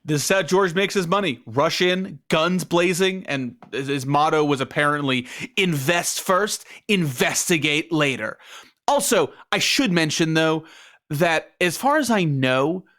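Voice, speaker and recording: A man's voice: a little high, lively intonation, measured pace, a bit bright. A man co-hosting a podcast, talking loosely and swearing now and then. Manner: loose and profane, laughs along. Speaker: podcast co-host. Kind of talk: casual chat.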